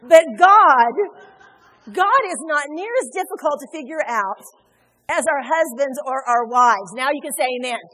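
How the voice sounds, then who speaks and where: A fairly high-voiced woman preaching in a church. She is animated and chatty, teasing the congregation between points, and a long hall reverb hangs behind her voice. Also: moderate pace. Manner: animated, conversational, joking with the congregation. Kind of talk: sermon. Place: church sanctuary.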